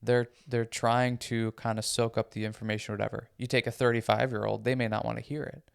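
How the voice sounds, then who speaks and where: Earnest man with a gravelly, smooth voice. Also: medium pitch, little pitch movement, fairly quick. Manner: earnest and emphatic, repeats phrases for emphasis. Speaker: podcast co-host. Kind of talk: casual conversational podcast chat.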